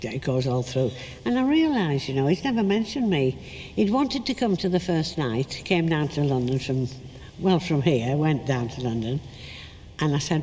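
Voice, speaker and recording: Older actress, anecdotal interviewee, faint ambience behind. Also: female voice, a bass voice, lively intonation, moderate pace, mellow, long reverb tail, slight background noise. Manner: chatty anecdotal, acts out quotes. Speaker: actress recalling her career. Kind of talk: storytelling interview.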